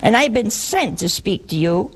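A woman voicing a solemn male archangel messenger, speaking in slow, deliberate pronouncements. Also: mid-range voice, expressive, creaky, breathy edge. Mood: stern.

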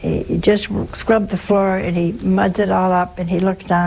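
An older woman preaches at an unhurried, slow pace, folksy and humorous, throwing questions out to her listeners. Her voice sits at a middle pitch, with a faint noise behind her. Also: little pitch movement, creaky. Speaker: religious teacher. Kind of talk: spoken sermon on works of mercy.

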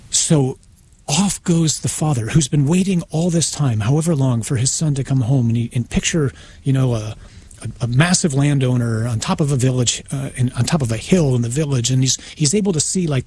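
A man, a priest guest on a radio interview, retelling a story in a conversational, animated way. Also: mid-range voice, slight background noise. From United States. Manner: conversational, acts out voices in his retelling, frequent restarts.

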